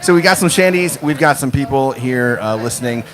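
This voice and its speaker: A man hosting a live podcast from a bar, chatty and quick to laugh. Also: medium pitch, lively intonation. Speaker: podcast host. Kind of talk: casual live podcast chat. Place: bar patio, outdoors.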